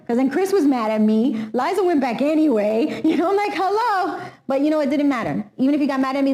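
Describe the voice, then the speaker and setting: A woman's voice: high voice, dark tone, poor audio. A woman recounting a family memory in a candid documentary interview, telling it with emotion and animation.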